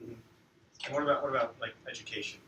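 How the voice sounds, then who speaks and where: A man's voice: medium pitch, fairly even intonation, fast talker. A male teacher leading a class discussion and prompting his students with questions. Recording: roomy, distant, noisy classroom recording.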